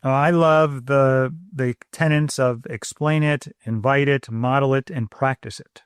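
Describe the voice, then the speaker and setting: A man co-hosting a parenting podcast speaks in a calm, measured way. His voice sits at a middle pitch and the recording is dry and close. He often pauses and repeats words as he thinks. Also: clean tone, no room sound. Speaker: podcast co-host, parenting doctor. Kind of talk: calm conversational explaining.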